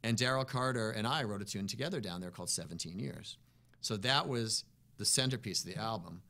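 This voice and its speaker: Bright-voiced musician telling stories. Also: male voice, lowish voice, brisk. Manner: easygoing, rambling, peppered with "you know" and "man". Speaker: musician guest. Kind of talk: casual interview storytelling.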